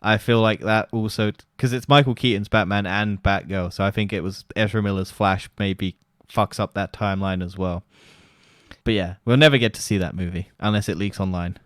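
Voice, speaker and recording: A man's voice: lowish voice, fairly even intonation, moderate pace, dry recording, studio quality. A man co-hosting a podcast in casual chat, blunt and scoffing, swearing freely. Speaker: podcast co-host.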